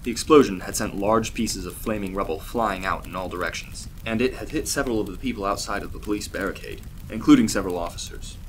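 A man reading a fictional story aloud as a steady, even narrator. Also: lowish voice, quick pace, hardly any pauses, a little hiss or hum.

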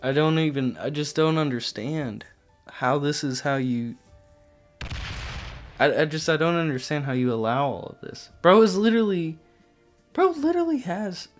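A man's voice: mid-range voice, moderate pace, long pauses, soft background music. A man commentating on his own gameplay, exasperated and swearing casually as he talks straight to the opponents on screen. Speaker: gaming channel host.

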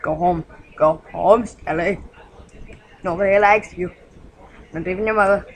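A woman giving casual gameplay commentary at home, excitable and jittery, yelling insults at game monsters. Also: fairly low pitch, measured pace, slight background noise, poor audio. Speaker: gaming channel host.

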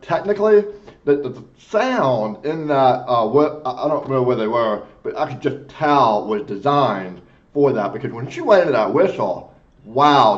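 With a medium-pitched voice and lo-fi sound, a man hosts a music reaction video. He gushes and is emotionally moved, commenting effusively and exclaiming often.

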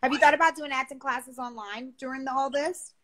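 A woman's voice: high-pitched, fairly even intonation, a little fast, pushed and bright. A woman in casual live-stream chat, asking questions in a chatty, easygoing way. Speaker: actress co-hosting a live watch-along.

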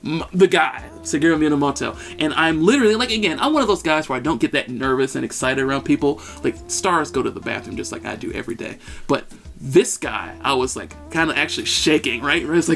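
Podcast co-host, man in his thirties, excitable storyteller, slightly high voice. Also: a little fast, vocal fry, faint music behind. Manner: animated, excitable, shouts at peaks. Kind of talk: casual storytelling chat.

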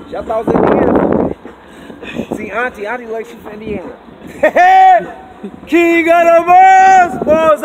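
A man with a high-set voice rambles through a loose, repetitive street monologue, stoned and swinging between muttering and shouting. Recorded outdoors on a phone, with loud street and wind noise behind him. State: high on marijuana. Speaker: street vlogger.

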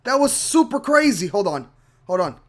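Man, high voice, excitable gamer, yelps and shouts, mutters while thinking, talks to viewers. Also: normal speed. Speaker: gaming channel host. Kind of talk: Minecraft let's play commentary.

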